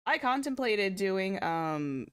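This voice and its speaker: A woman hosts a relaxed watchalong stream, talking to her chat in an easy, giggly way. Her voice is smooth and clear, and she takes her time. She often breaks into squealing laughter. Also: mid-range voice, slow. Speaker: VTuber host of an anime watchalong. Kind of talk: casual stream chat reacting to anime.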